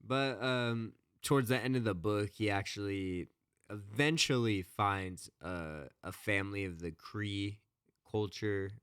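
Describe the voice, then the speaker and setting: A man with a very low voice chats loosely on a podcast, circling back with "you know" and "like" as he retells a story. The sound is close and dry, with no room around it. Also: measured pace, a bit bright, clear, resonant tone, no room sound. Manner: rambling, many fillers and restarts. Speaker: podcast co-host. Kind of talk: casual chat retelling a book.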